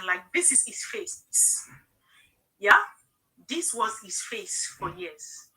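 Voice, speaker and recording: On a rough recording, a middle-aged woman's voice sits on the high side, bright and forceful. Hosting a live stream, she makes casual sales talk through emotional personal stories, speaking earnestly and frequently asking "okay?"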